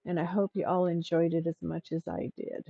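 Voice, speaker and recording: A middle-aged woman with a low, gravelly voice chats to herself and her viewers as she crafts on a stream. The sound is dry and a bit dull and lo-fi. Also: level tone, fairly quick, mellow, no room sound. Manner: chatty, talking to herself as she works. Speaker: livestream host. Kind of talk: casual chat while crafting.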